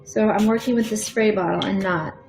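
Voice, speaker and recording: A woman's voice: medium pitch, steady tone, a little mellow. A woman artist hosting a live stream from her studio, chatting casually while she paints and dropping to a murmur as she works. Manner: unhurried, thinking aloud with fillers, drops to a murmur while working. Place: home art studio. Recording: echoey room, faint background music.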